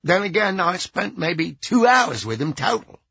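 A man narrates a first-person story with dry, wry humor. His voice is husky and gravelly, with a bright, forceful edge and a lively pitch. The recording is dry and slightly dull. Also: unhurried, no room sound.

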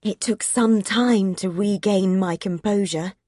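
A woman's voice: mid-range voice, unhurried, warm tone, slightly rough, no echo, studio quality. A woman narrating a first-person novel, reading in an intimate, emotional way. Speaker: audiobook narrator.

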